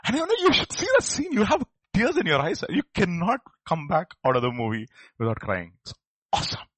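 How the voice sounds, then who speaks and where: Animated male preacher, husky voice. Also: sits high, brisk, no echo. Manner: acts out quoted voices and builds to emphatic outbursts. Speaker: pastor. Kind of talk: sermon.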